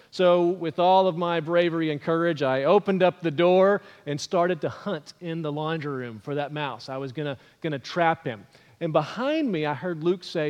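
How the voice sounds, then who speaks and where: A middle-aged man with a high voice preaches from the pulpit, earnest and storytelling, often pausing on "uh" as he gathers his thoughts. His words ring out with the long reverb of a large church hall. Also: darkish tone. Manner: earnest, storytelling with many "uh" pauses. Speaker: pastor. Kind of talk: sermon.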